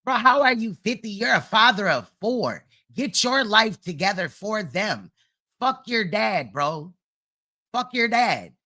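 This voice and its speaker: Woman streamer, sharp bright tone, profane and blunt, reacting live to a clip. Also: mid-range voice, sing-song, measured pace. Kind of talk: casual reaction commentary.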